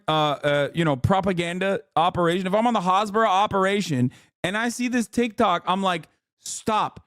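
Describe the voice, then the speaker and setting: Streamer guy, high voice, ranting and swearing a lot, super incredulous, dry close sound. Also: no echo. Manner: incredulous, profane, animated ranting. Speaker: streamer reacting to videos. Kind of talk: casual live-stream commentary.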